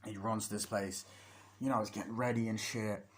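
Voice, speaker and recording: A man's voice: lowish voice, steady tone, a little fast. A man giving a casual, rambling film review, swearing freely and acting out scenes as he retells them. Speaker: movie reviewer.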